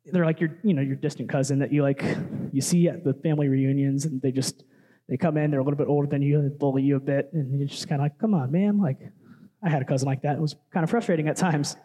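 A man's voice: mid-range voice, fairly even intonation, quick pace, warm tone, in a large hall. A young man, a worship leader, giving a casual, chatty sermon full of asides and fillers.

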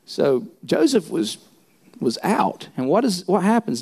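A man's voice: fairly high pitch, big pitch swings, slow, dark tone. A man preaching a sermon and telling stories animatedly, often repeating words as he restarts. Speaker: pastor.

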